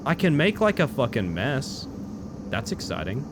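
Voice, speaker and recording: A man, chatting excitedly as he streams a game live. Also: medium pitch, moderate pace, very noisy. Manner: excitable, chatty, bursts into loud exclamations. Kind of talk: live gameplay commentary.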